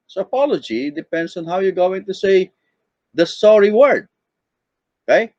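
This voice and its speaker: Male teacher, lecture delivery; slightly high and very lively pitch, muffled dry recording. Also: moderate pace, dry recording. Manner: demonstrates intonation by acting out example lines. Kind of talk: online class lecture.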